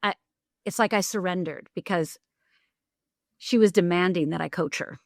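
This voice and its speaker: A middle-aged woman telling a personal story in an animated way, acting out the voices she quotes, with quick bursts and restarts. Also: lowish voice, creaky, dry recording, clean studio sound. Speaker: podcast guest, life coach.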